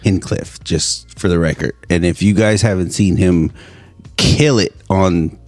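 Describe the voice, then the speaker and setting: A man co-hosting a podcast, retelling jokes in an animated, laughing manner during casual chat. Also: low-pitched, a little slow, dry recording. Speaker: podcast co-host.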